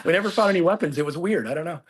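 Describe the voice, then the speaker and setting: A man in his forties, a former Marine guest, telling war stories in casual conversation, animated and laughing as he acts out quoted voices. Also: fairly high pitch, racing, husky. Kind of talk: conversational storytelling.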